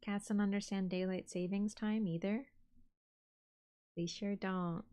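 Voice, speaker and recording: Woman streamer, casual chat with viewers, slips into cooing pet baby talk, mid pitch. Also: steady tone, measured pace. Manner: coos and baby-talks to her cat, drifting between soft and bright.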